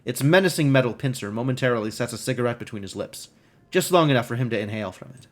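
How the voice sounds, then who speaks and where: A man's voice: medium pitch, animated, fast. A man streaming a game, reading its text aloud and adding wry, musing asides.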